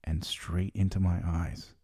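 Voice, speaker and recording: A man's voice: sits low, flat delivery, a little slow, warm tone, breathy edge, no echo. A middle-aged man hosting a podcast, telling his own story in wry, candid scripted narration into a close mic. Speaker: podcast host.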